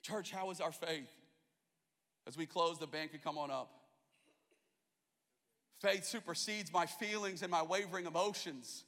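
A man's voice: fairly high pitch, measured pace, pauses often, a bit bright. A pastor from Australia with an American accent, preaching a sermon to his church and asking the congregation questions. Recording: long hall reverb.

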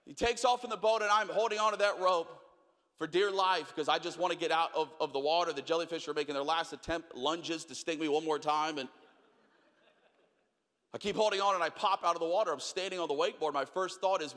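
A young man preaching a sermon, telling a story with acted-out voices, then dropping to quiet questions. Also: on the high side, brisk, pauses often. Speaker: pastor. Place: large church hall. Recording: long hall reverb.

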